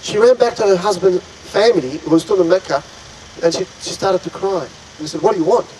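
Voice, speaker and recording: A man's voice: high voice, fairly quick, darkish tone, a little hiss or hum, low-quality recording. A man earnestly retelling an Islamic story to an audience, dramatic and full of pious exclamations. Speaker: religious storyteller.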